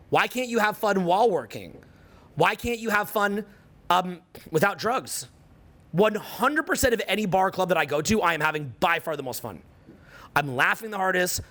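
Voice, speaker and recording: Man, 40s, motivational coach; slightly raised pitch, profane and relentless, repeats himself for emphasis. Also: animated, moderate pace, fairly bright tone. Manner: profane, intense and emphatic, hammering points through repetition. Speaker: social skills coach. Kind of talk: motivational talk to an audience.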